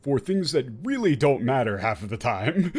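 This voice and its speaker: A man's voice: medium pitch, normal speed. A man commentating casually while playing a game, rambling with fillers and swearing. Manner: animated, profane, rambling with many fillers. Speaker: gaming streamer.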